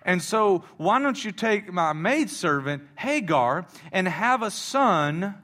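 A man's voice: sits high, big pitch swings, takes it slowly, sharp tone, pitched above the performer's own voice, heavily acted. A man voicing a very old woman who is weary and fed up, talking in an exasperated, emphatic way.

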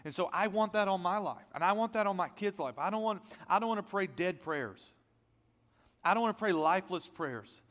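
A man preaching a sermon as pastor, energetic and conversational, with self-deprecating asides, and without a deep voice. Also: big-room sound. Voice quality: not a deep voice.

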